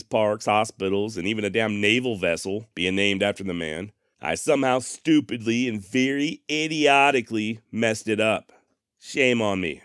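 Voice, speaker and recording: A man's voice: fairly low pitch, clean tone, no echo, studio quality. A man hosting a history podcast, joking at his own expense with a sarcastic, folksy humor. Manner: self-deprecating, sarcastic humor. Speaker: podcast host. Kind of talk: casual history podcast narration.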